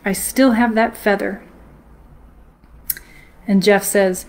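A woman shares a ghost story from a book with her live-stream viewers, her mid-range voice plain and her pace steady and measured.

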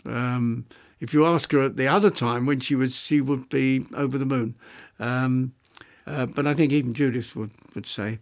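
Halting elderly man reminiscing. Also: medium pitch, steady tone. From London, England. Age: 90s; older. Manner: halting, reflective, many restarts and fillers. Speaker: interviewee, retired architect. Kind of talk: reminiscing interview.

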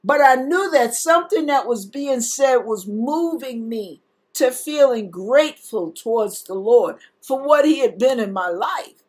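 A woman preacher, giving an earnest sermon. She talks slowly and sincerely, and her voice can break with feeling. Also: fairly high pitch, animated, darkish tone, breathy edge. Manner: emotional, tearful at times, earnest. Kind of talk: sermon-style teaching and testimony.

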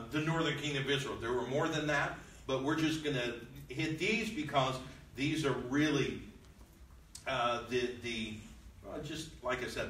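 A man's voice: mid-range voice, pushed and bright, a little hiss or hum. A man teaching a Bible lesson in a church, reading old scripture aloud and then explaining it in casual, plain talk. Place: church room. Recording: echoey room, mic at a distance.

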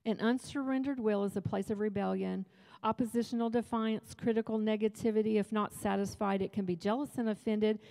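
In a church hall, a woman gives a sermon at a women's retreat, addressing the crowd in a loose, joking way full of humorous asides. Her mid-range voice is gravelly and warm, holding a steady tone as she talks a little fast, and a long reverb tail trails each phrase.

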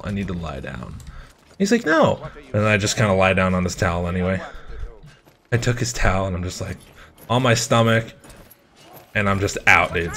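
A man's voice: on the low side, fairly bright tone. A young man casually telling a rambling, profane story while playing a video game, often breaking off to talk to the game. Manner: rambling, profane, laughing, talks to the game between story beats. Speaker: gaming streamer.

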